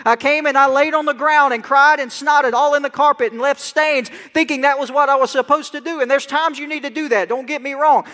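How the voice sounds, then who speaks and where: A middle-aged man preaching a sermon as pastor, animated and dramatic, crying out scripture lines. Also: very high voice. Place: church sanctuary. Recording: long hall reverb in church.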